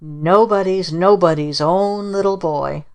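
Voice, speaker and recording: A woman voicing a restless, defiant little boy who bursts out boasting and shouting in an audiobook. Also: lowish voice, measured pace, lightly acted. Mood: taunting. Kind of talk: audiobook character reading.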